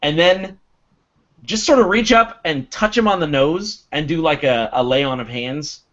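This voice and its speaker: A man's voice: on the high side, moderate pace, fairly bright tone. A man playing a tabletop game, talking animatedly and laughing often. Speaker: player. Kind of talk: casual game chat. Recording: dull lo-fi audio.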